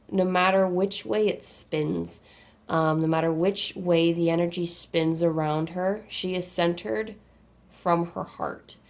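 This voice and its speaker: A young woman giving a spiritual angel card reading, rambling and often breaking off to restart her sentences. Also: lowish voice. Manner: rambling, self-interrupting, with many fillers and restarts.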